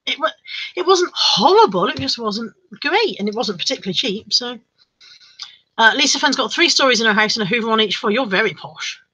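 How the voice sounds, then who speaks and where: A woman's voice: on the high side, animated, brisk, bright, forceful tone, husky, poor audio. A woman chatting casually on a livestream, reading out viewers' comments and joking around. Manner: chatty, jokey, laughs often. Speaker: livestream host.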